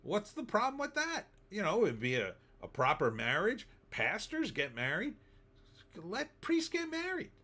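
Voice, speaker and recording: A middle-aged New Jersey man hosts a casual live stream, reading viewer comments aloud and firing back sarcastic asides. His voice runs on the high side with huge pitch swings, pushed and bright, at normal speed with few pauses. He's chatty throughout.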